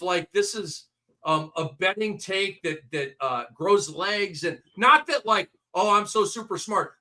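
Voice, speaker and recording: A man's voice: high voice, sharp tone. A man hosting a casual sports betting chat, talkative and emphatic. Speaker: host.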